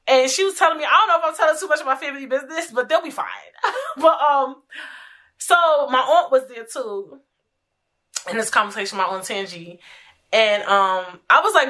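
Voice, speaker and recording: A woman's voice: a little high, lively intonation, moderate pace, bright, forceful tone. A young woman hosting a casual talk, telling stories frankly with profanity and lots of repetition. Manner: frank, profane, chatty, repeats herself. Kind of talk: casual storytelling chat.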